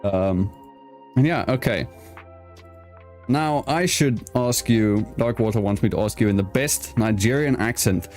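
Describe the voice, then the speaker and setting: A man's voice: fairly low pitch, a little slow, darkish tone, faint music behind. A young man from South Africa hosting an online interview show, joking around in casual chat and stumbling over his words. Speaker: podcast host.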